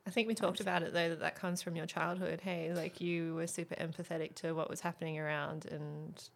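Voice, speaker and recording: A woman's voice: fairly low pitch, steady tone, a little fast, vocal fry, a little hiss or hum. A woman hosting a casual chat who backs up her guest and finishes her sentences.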